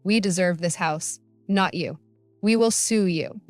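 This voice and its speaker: Brief: a woman reading a scornful sister-in-law, smooth and lowish. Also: measured pace, no echo, soft background music, natural voice. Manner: scornful, insistent.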